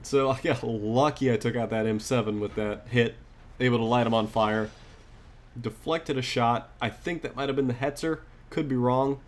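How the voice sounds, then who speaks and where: A man giving casual, rambling commentary over his own gameplay, excited and full of fillers. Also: mid-range voice, moderate pace. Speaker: gaming commentator.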